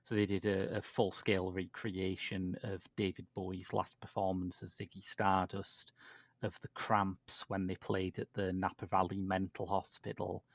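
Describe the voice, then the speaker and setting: A low, gravelly male voice chatting casually as a podcast host, full of restarts and asides. The recording is dry and muffled, with little room sound and a lo-fi edge. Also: level tone, moderate pace, no echo. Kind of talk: casual film discussion. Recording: dull dry low-fidelity podcast audio.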